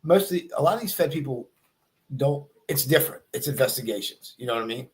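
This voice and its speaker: Male police officer guest, halting speech, lots of ums, even-tempered chat. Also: mid-range voice. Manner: halting, lots of fillers, measured, sees both sides. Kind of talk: casual livestream chat.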